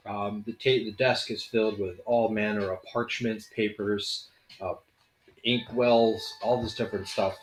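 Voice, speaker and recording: A man's voice: fairly low pitch, normal speed. Man game master, rambling tabletop narration, roomy echo, faint music underneath. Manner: loose, rambling description full of fillers.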